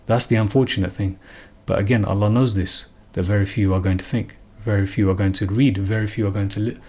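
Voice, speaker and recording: A man's voice: fairly low pitch, fairly even intonation, brisk, warm tone. A man giving an unscripted religious talk, earnest and emphatic, often repeating and restarting phrases. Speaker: religious commentator.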